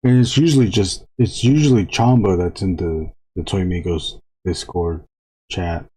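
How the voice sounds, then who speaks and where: Drawing on a live stream, a man chats casually with his viewers, rambling and frequently halting to restart. His voice is low, warm, and husky.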